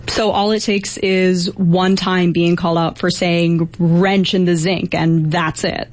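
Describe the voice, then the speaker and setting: A woman interviewing a guest on public radio, asking crisp, curious questions. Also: on the low side, flat delivery, slow pace.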